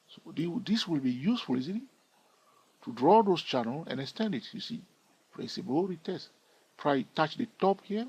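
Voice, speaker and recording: A man's voice: on the high side, darkish tone, breathy edge. A man giving a screen-recorded chart tutorial in a chatty way, thinking aloud and asking his viewers questions. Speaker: trading educator.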